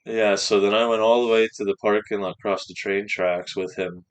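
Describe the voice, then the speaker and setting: Young male podcast guest, low-pitched, animated profane storyteller. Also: fairly quick, smooth. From Canada. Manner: swearing, animated anecdote with quoted voices. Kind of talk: casual storytelling.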